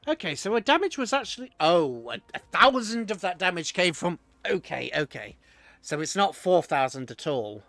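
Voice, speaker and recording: A man's voice: high-pitched, big pitch swings, normal speed, fairly bright tone, dry recording. A man streaming himself playing a strategy game, chatting and reacting aloud to the battle as it unfolds. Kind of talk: live game commentary.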